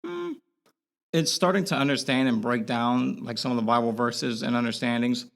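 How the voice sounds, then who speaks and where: A man's voice: mid-range voice, big pitch swings, moderate pace, gravelly. A young man as a podcast guest, talking earnestly and rambling in a candid interview, with lots of fillers and restarts.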